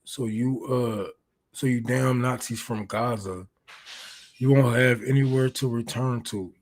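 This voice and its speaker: Male livestream host, casual commentary, middle pitch, rambling and mocking, swears freely. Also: fairly even intonation, measured pace. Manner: loose, rambling, swears a lot, mocking rants.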